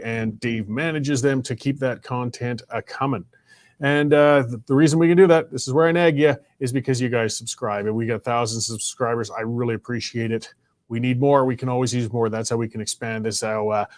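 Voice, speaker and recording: A Canadian man hosting an opinionated talk show, speaking conversationally and growing heated as he argues. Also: no room sound. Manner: conversational, heated and rising in pitch when arguing. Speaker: show host.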